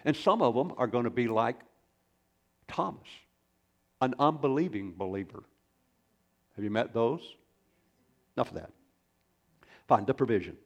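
A male pastor delivers his sermon in a mid-pitched voice with a rough, gravelly edge. He preaches like a storyteller, folksy and loose, often breaking off into rambling asides. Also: expressive, measured pace, pauses often.

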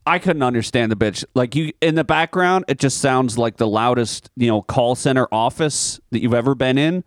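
Clean studio sound with no room echo carries this man's medium-pitched voice at a moderate pace. As a podcast co-host in a relaxed chat, he rambles through profane anecdotes and laughs often.

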